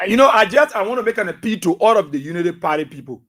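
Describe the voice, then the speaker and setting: A man's voice: high voice, animated, fast talker. A middle-aged man with a Liberian English accent, hosting a radio talk show with emphatic, repetitive commentary. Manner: emphatic, repetitive, swings between soft asides and loud outbursts.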